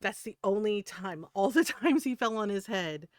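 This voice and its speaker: Woman in her fifties, streamer, chatty, laughs often, smooth voice, dry close sound. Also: medium pitch, animated, normal speed, no echo. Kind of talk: casual chat while gaming.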